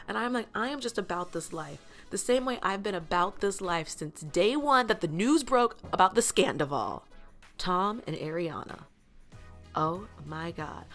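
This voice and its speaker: A woman hosts her podcast and tells a story in a loose, chatty way. Her voice keeps leaping high when she acts out what people said. Faint music sits low underneath her. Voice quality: animated, lots of quoted voices and pitch jumps. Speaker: podcast host. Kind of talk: casual storytelling monologue.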